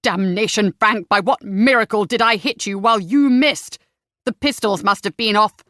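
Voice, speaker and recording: An urgent young gentleman barks orders in an audiobook scene, as a woman narrator plays him. He speaks with force and worry, close and dry. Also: medium pitch, moderate pace, dry recording, close to an everyday voice. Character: young gentleman, anxious and commanding.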